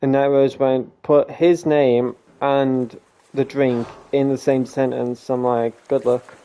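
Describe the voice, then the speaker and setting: Young male game streamer, rambling and self-mocking, gravelly mellow voice. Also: mid-range voice, little pitch movement, takes it slowly, highs cut off. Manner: rambling, self-deprecating, laughs often. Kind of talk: casual live gameplay chat.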